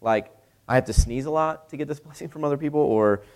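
A man's voice: a little high, fast talker, darkish tone. A young male pastor giving a sermon in a conversational way, with many rhetorical questions.

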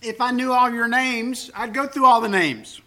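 A man's voice: very high-pitched, normal speed, bright, forceful tone, pitched above the performer's own voice. A man voicing God as a loving fatherly deity, speaking in emphatic, reassuring declarations.

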